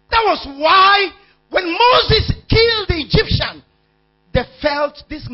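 A man preaching a sermon, calling out questions to the congregation and shouting key words. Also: very high voice, animated, unhurried. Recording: dull lo-fi sound with mains hum.

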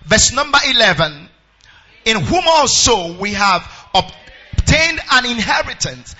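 A man's voice: sits high, big pitch swings, a little slow, pushed and bright, husky, lo-fi sound. A Nigerian pastor preaching a sermon. He half-sings scripture verses in a sing-song chant and calls out to his congregation.

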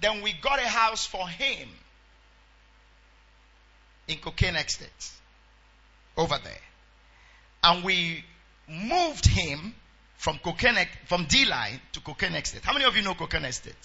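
A man's voice: high-pitched, sing-song, unhurried, pauses often, bright, forceful tone, lo-fi sound. A Nigerian pastor preaching a sermon. He half-sings scripture verses in a sing-song chant and calls out to his congregation.

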